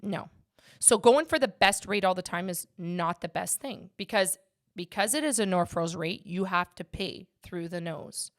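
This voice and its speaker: A woman's voice: lowish voice, moderate pace. A woman hosting a casual podcast as a mortgage agent, talking with emphatic passion and speaking straight to her listeners.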